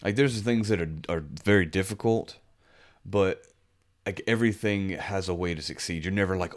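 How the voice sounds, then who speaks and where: Very deep-voiced man chatting casually. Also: moderate pace. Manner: relaxed, rambling, frequent fillers. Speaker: podcast co-host. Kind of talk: casual chat.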